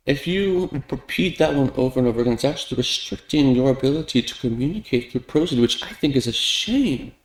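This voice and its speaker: A man reciting a well-known talk on speaking as practice, stuttering on first sounds and shifting loudness and pitch to make his points. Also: brisk. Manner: lively, with big shifts in loudness and pitch for emphasis. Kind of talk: recited public speech. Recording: echoey room.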